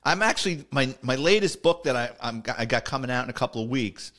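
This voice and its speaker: A man's voice: mid-range voice, expressive, fast talker, bright, forceful tone. A middle-aged man, a retired police officer, telling stories in a casual, conversational way, full of "he goes" and "I says". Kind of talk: casual storytelling podcast.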